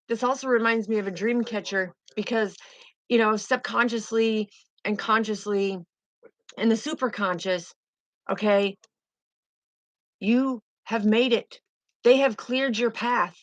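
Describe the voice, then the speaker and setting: A woman's voice: on the high side, unhurried, dry recording, rough recording. A woman giving a spiritual tarot reading in a fervent, emotive way, often repeating herself. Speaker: tarot reader.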